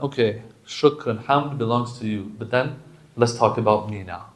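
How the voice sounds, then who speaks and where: A male preacher giving a sermon, switching between quick Arabic recitation and relaxed English explanation. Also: mid-range voice. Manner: chants Arabic lines rapidly then explains in casual English.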